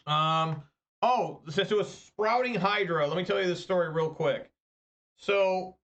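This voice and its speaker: Male, 30s, card game streamer; loose, profane storyteller; slightly raised pitch; dull lo-fi sound. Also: fairly bright tone. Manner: rambling, profane, chatty storyteller. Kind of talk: casual gameplay commentary. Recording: slightly muffled lo-fi recording.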